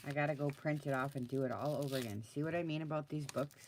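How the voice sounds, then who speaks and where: A woman's voice: sits low, fairly even intonation, fast, a little mellow, slight background noise. A woman crafter talking casually through her project, muttering to herself and getting flustered. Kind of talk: casual crafting video talk.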